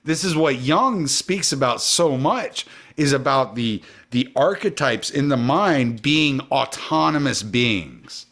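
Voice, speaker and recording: Animated, cussing man in casual chat. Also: mid-range voice. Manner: animated, swears freely, quick asides. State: drinking during the chat. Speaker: podcast guest or host. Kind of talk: casual conversation.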